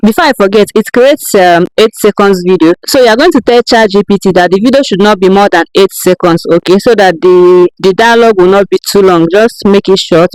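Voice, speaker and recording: A woman explains an app one step at a time, patient and unhurried, stopping often to make sure the viewer is following. Her voice is smooth and clean. It is recorded close and dry, with no room sound. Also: mid-range voice, a little mellow, dry recording, poor audio. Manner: patient step-by-step instructing, checking in with "okay?". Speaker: tutorial creator. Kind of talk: screen-recorded how-to tutorial.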